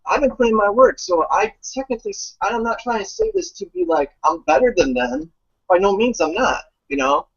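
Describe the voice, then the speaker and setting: Husky guy ranting casually, voice jumps all over, kinda muffled lo-fi sound. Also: high-pitched, a little fast. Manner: animated, profane, rambling with fillers. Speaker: guest commentator. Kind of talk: casual chat. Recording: dull lo-fi audio.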